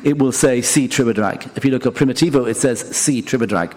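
A chatty Irish man with a lightly posh accent talks about wine on a live radio show. He is easygoing and self-deprecating and laughs often, with a mid-pitched voice. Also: fast talker, darkish tone. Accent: Irish, vaguely posh Dublin. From Ireland. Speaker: wine expert.

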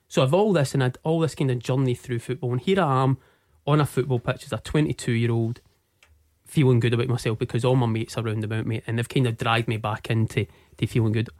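A Scottish man in his forties tells his own story in a dry, close-sounding recording. He speaks earnestly and haltingly, stumbling over and repeating words as he goes. His voice sits at a middle pitch. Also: a little mellow, dry recording. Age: 40s. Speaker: interview guest. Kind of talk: personal storytelling.

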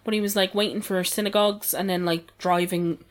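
A woman's voice: medium pitch, steady tone, brisk. A woman co-hosting a podcast in casual chat, playful and jokey. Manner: playful, jokey, puts on silly voices. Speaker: podcast co-host.

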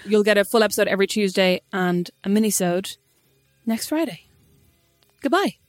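Fast-talking, wry Irish woman. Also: mid-range voice, steady tone, no room sound, faint music behind. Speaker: podcast co-host. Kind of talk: casual chat between sisters.

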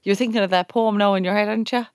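A woman's voice: mid-range voice, fairly even intonation, clean tone, no echo, studio quality. Blunt Cork woman co-host. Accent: Irish, Cork. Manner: brisk, blunt, teasing quizmaster. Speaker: podcast co-host. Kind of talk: casual chat.

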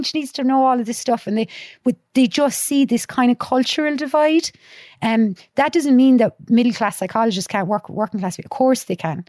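A woman with a Dublin accent, a youth worker appearing as a podcast guest, chats casually and tells stories lively, acting out quotes and swearing bluntly. Her voice is on the high side and fairly quick, recorded cleanly in a studio with no room sound.

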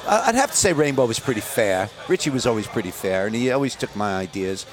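A man's voice: mid-range voice, fast talker. An older man from the United States, a rock singer giving a candid, profane interview outdoors at a festival. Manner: candid, profane, animated when telling stories. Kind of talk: casual interview storytelling.

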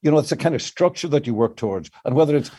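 An older songwriter, a guest in an interview, reflects at length on his craft, restarting his thoughts many times. His fairly high voice is animated and dark in tone, and he races through his answers.

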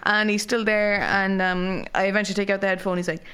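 A woman's voice: mid-range voice, a little fast, heavy background noise. Irish woman telling a story animatedly. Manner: animated storytelling, heavy swearing, acts out quoted voices. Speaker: podcast co-host. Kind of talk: casual chat.

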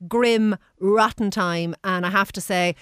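A woman's voice: medium pitch, measured pace, a bit bright, clear, resonant tone, dry recording, clean studio sound. An Irish woman speaking as a radio panellist, wry and mock-indignant.

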